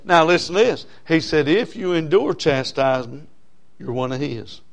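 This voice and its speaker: A middle-aged man preaching a sermon. He calls out to his congregation for amens and swings between loud and soft delivery. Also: on the high side, normal speed, gravelly.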